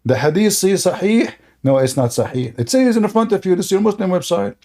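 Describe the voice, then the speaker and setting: A man's voice: high voice, sing-song, brisk, a little mellow. A man hosting a live-streamed religious debate who talks in a combative, insulting way, cuts callers off, and often repeats and restarts his words. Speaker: debate show host.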